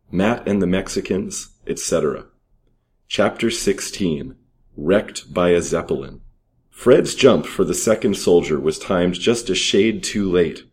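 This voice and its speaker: Deep-voiced man reading aloud. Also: a little mellow. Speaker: reader. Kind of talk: reading aloud old printed story and ads.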